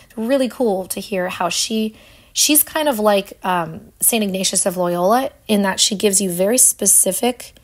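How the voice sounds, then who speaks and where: A woman's voice: medium pitch, darkish tone. A woman hosting a faith talk, speaking earnestly and unhurriedly, with light laughs and long passages read aloud. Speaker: Catholic faith teacher and host. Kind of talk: casual teaching talk with read quotes.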